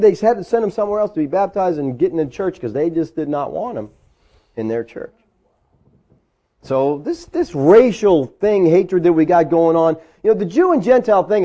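A man's voice: on the high side, warm tone, muffled recording. A man preaching a sermon, conversational and full of rhetorical questions. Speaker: pastor.

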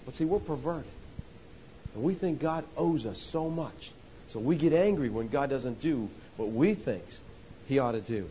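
A man preaching a sermon, rising to loud emphatic points and dropping to hushed lows, often calling listeners "folks.". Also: animated, moderate pace. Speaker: pastor. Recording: dull lo-fi sound with faint hiss.

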